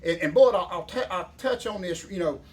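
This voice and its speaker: A man, hosting a show in a folksy, excitable, rambling way. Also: high-pitched, fast talker. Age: 50s. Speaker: show host. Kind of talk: casual banter.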